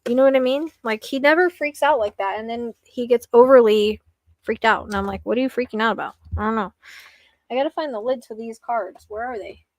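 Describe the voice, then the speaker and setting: A woman's voice: on the high side, fairly quick, no echo. A young woman hosting a late-night psychic live stream from home, rambling with lots of fillers and sounding a little anxious.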